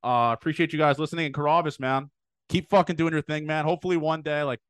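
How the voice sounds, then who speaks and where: Fast-talking, excitable male podcast host. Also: on the high side, clear, resonant tone, dry recording. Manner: excitable, swears freely, hypes up his guest. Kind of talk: casual podcast chat over video call. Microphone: remote call microphone.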